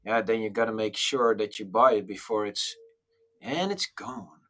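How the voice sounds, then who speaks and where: A man's voice: fairly low pitch, normal speed, sharp tone. A man chatting casually on a podcast as a music coach, pushing his point with many restarts.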